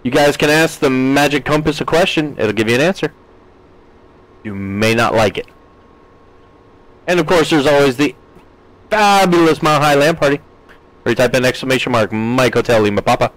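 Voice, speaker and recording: A man's voice: mid-range voice, normal speed, long pauses, fairly bright tone, no room sound, rough recording. A man from the United States in his thirties, streaming a game live and chatting with his viewers, reading their messages aloud with playful jokes.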